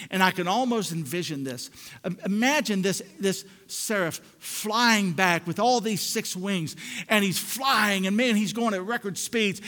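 Male pastor preaching, high voice, dynamic swings from hush to loud, church reverb. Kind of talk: sermon. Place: church sanctuary.

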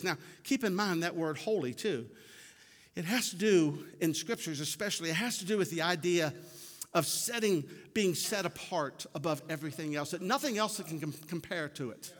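Emphatic preacher man with a high voice in a reverberant hall. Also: bright, forceful tone. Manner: emphatic, repeats words for stress, folksy asides. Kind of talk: sermon.

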